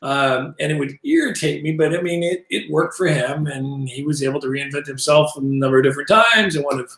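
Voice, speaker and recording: A man in his fifties teaching a casual Bible language lesson, digressive and halting, with self-deprecating asides. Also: fairly high pitch, fairly bright tone. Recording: roomy echo.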